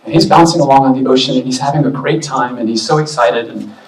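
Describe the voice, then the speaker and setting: A man giving a relaxed, chatty talk as a medium to an expo audience, with many fillers. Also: mid-range voice, quick pace, recorded from a distance. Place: expo hall. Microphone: booming handheld or stand mic. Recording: echoey hall, mic heard from afar.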